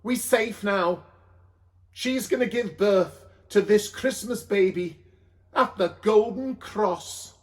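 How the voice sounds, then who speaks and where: Guy doing a camp chatty donkey man, high and bouncy, calls everyone love. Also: takes it slowly. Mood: chummy. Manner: chummy, calls people love and chuck. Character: chirpy, camp male donkey handler.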